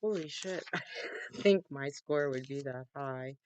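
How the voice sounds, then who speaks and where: A young woman talks off the cuff at home, drawn out and rambling, with easy laughs. Her voice is smooth and slightly low. The sound is dry and close. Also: a little slow, a little mellow, no room sound. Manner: chatty, rambling, laughs easily; baby-talks to her cat in a high voice. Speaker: vlogger. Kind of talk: off-the-cuff casual vlog.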